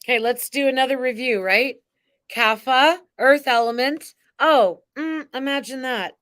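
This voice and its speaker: Woman doing a spiritual card pull, bright higher voice, talks slow and dramatic. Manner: exuberant, theatrical, chanting and cheering. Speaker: spiritual card-reading host. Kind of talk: live spiritual card reading.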